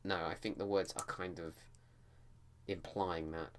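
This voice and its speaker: Low-voiced man rambling about writing. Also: fairly even intonation, measured pace. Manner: rambling, with frequent restarts. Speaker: writing vlogger. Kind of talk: casual talk to camera about editing.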